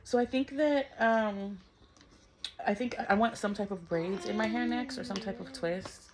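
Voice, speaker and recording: A woman's voice: mid-range voice, normal speed, a crowd in the background. A woman, chatting casually to camera in a vlog, blunt and swearing freely. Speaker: vlogger.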